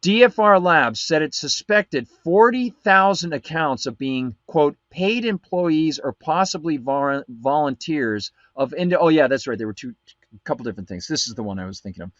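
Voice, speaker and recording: A man's voice: fairly high pitch, animated, normal speed, fairly bright tone, dry recording, muffled recording. A man hosting a live political commentary show, reading documents aloud and breaking off with sarcastic asides. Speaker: show host.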